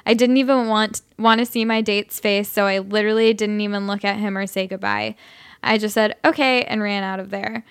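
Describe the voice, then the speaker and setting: A woman co-hosting a podcast, reading a listener's story aloud in a quick, lively way. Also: medium pitch, clean tone, dry recording, clean studio sound. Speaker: podcast co-host.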